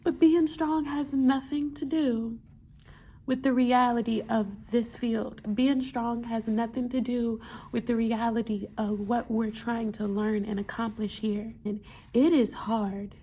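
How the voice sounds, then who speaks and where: A young woman, a medical student, talking earnestly in a motivational vlog, often repeating herself and dropping into soft whispers. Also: on the high side, level tone, measured pace, breathy edge. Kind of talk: heartfelt motivational vlog talk.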